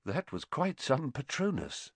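A man voicing a gentle, weary middle-aged male teacher who speaks softly and hesitantly. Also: medium pitch, wildly swooping pitch, measured pace, no echo. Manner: soft-spoken, hesitant.

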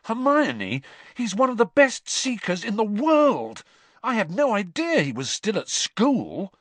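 A man voicing an excitable, starstruck teenage boy wizard who gushes and scoffs by turns, in a lively reading. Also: high-pitched, no room sound, voice pushed up, heavily acted. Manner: eager, gushing, quick to scorn.

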